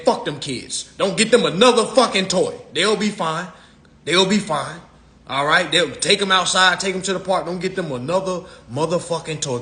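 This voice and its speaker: A man's voice: a little high, a bit bright. A man on a live stream, ranting in a blunt, profane, preachy way into his phone. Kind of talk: casual rant.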